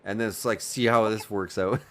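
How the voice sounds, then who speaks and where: A man's voice: lowish voice, fairly even intonation, a little fast. A man hosting a podcast, chatting casually and joking with lots of swearing and frequent laughter. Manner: profane, jokey, laughs often. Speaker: podcast host.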